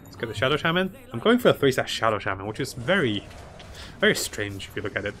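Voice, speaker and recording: A man's voice: mid-range voice, big pitch swings, fast talker, fairly bright tone. A man commentating his own strategy game live, chatting to viewers and laughing often. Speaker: streamer playing a strategy game.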